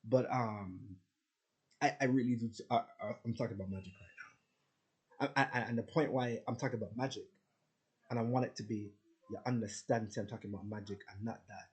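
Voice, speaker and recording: A man's voice: on the low side, fairly even intonation, a little fast, darkish tone. A man talking casually to his viewers in a rambling, boastful, profane rant. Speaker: spiritual vlogger. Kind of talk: casual ranting monologue.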